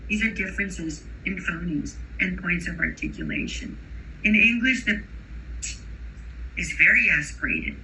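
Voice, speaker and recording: A woman giving a recorded lecture to teachers. She explains clearly, models sounds aloud, and checks in with rhetorical questions. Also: fairly low pitch, lively intonation, normal speed, sharp tone, slight background noise, rough recording. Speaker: instructor for teachers of bilingual children.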